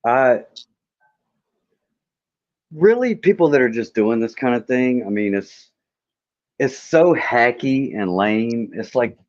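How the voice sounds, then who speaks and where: A man's voice: medium pitch, lively intonation, slow pace, pauses often, a little mellow. A man chatting casually on a livestream, dismissive and sarcastic, with some swearing. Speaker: livestream guest. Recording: dull lo-fi stream audio.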